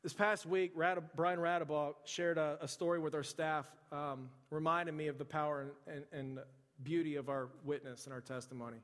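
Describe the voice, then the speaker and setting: A man's voice: fairly high pitch, fairly even intonation, normal speed, a bit bright. A man preaching a sermon as a pastor, in a conversational style with chatty asides. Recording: long reverb of a large hall.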